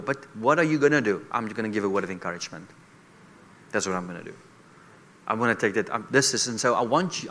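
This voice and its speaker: Male guest preacher, bright tense delivery, repetitive questioning sermon style. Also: medium pitch.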